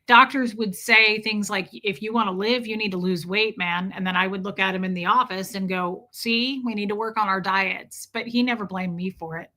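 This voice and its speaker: A woman's voice: mid-range voice, fairly even intonation, normal speed, hardly any pauses, sharp tone. A woman hosting a casual livestream, reading chat and rambling, cooing over her cat and swearing offhand. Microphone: streaming setup.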